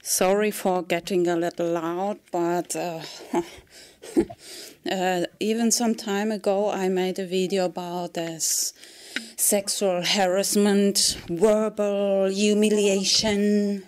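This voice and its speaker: A woman's voice: medium pitch, little pitch movement, takes it slowly, darkish tone. A woman vlogger in a rambling comic monologue who drifts into whispered asides and chuckles as she jumps between topics.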